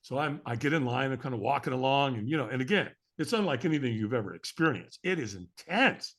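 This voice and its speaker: A man's voice: medium pitch, lively intonation, fast talker, a bit bright. A middle-aged man, a podcast guest, telling a story with energy and acting out the voices of the people in it. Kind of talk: animated storytelling.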